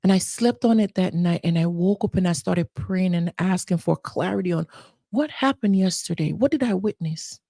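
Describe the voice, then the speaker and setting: A woman's voice: fairly low pitch, moderate pace, vocal fry, mellow, dry recording, studio quality. A Jamaican woman, a mother, hosting a live stream and speaking earnestly and emotionally, often repeating herself and addressing her viewers directly. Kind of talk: heartfelt live-stream talk.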